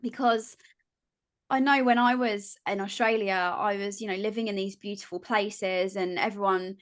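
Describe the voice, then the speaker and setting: A woman's voice: medium pitch, fairly even intonation, normal speed. A young woman hosting a casual interview, asking questions in a friendly, hesitant way. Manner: friendly, hesitant with fillers and restarts. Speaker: podcast host.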